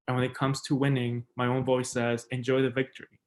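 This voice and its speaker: A young American man performs his spoken word poems in an even, level voice that barely rises or falls. Between pieces he drops into quiet, halting asides full of filler words before he starts the next reading. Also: mid-range voice, poor audio. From United States. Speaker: poet.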